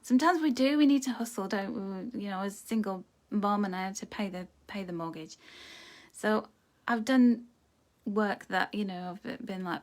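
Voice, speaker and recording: A woman with a mid-range voice leads a live card reading from a darkened room. Her delivery is earnest and intimate, and she keeps slipping down into soft, hushed, almost whispered phrases. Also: mid-range voice, lively intonation, normal speed. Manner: soft, intimate, often dropping to a near whisper; earnest and emotional. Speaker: oracle card reader. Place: dim room lit by a starlight projector.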